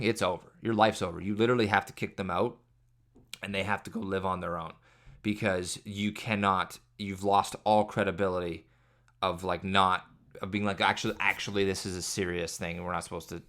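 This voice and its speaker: A man with a fairly low voice hosts a podcast as a solo, casual comedic monologue. He rambles from one parenting story to the next, joking and exaggerating as he goes. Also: a bit bright. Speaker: podcast host.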